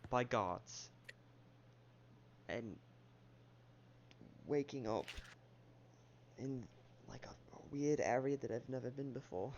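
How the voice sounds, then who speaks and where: A man's voice: mid-range voice, slow, pauses often, a little mellow, highs cut off, slight background noise, lightly acted. A man voicing a shaken male scholar who has lost his life's work, talking in a distraught, faltering way. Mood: hushed wary. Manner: distraught, voice climbing and breaking.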